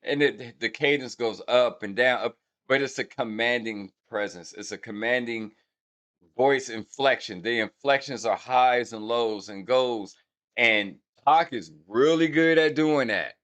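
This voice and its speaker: A man's voice: medium pitch, unhurried, fairly bright tone. Brash man counting out rap beats. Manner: explains rhythm by counting beats aloud and scatting; brash, talks straight to viewers. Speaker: hip hop breakdown channel host. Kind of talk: casual music breakdown commentary.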